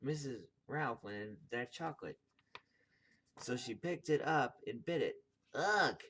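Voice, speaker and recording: A man's voice: mid-range voice, unhurried, slight background noise. A man reading a children's picture book aloud, tripping over words and correcting himself. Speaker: video host reading aloud.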